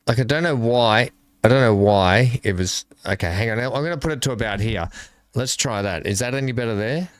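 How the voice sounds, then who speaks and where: A man hosting a live stream, talking casually and haltingly into his desk microphone while he fixes his audio. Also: medium pitch, smooth, no echo, clean studio sound. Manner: halting, mumbling, fixing his mic. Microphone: desk microphone with filters.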